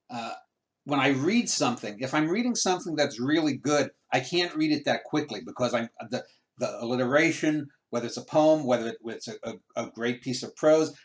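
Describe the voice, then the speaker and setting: Halting male interviewer with many fillers. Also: a little high. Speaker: interviewer host. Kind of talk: video call interview. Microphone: video call.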